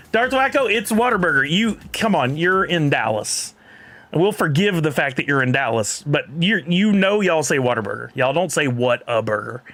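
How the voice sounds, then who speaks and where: A man's voice: fairly high pitch, fairly bright tone. Chatty Texan man streaming. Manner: chatty, rambling, laughs often. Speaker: streamer reading live chat. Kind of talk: casual live-stream chat.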